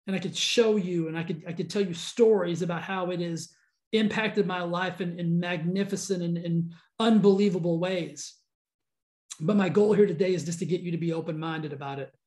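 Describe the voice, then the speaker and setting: A man with a high-pitched voice delivers an earnest motivational monologue as a podcast host. He speaks fervently, repeating phrases and restarting lines as he builds momentum. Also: steady tone, normal speed, darkish tone.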